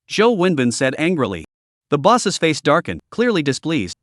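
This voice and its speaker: Lively dry-voiced male recap narrator. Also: a little high, normal speed, dry recording.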